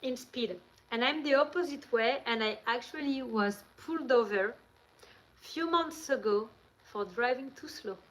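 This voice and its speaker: A woman's voice: fairly high pitch, a little slow, fairly bright tone, poor audio. A woman from France with a French accent, hosting a live stream and telling rambling, chatty stories into her handheld phone. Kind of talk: casual live-stream chat.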